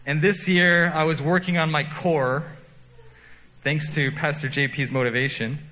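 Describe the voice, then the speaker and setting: A man's voice: a little high, fairly even intonation, a little slow, pushed and bright, long reverb tail, rough recording. A man preaching a sermon as pastor, telling self-deprecating stories in a conversational way.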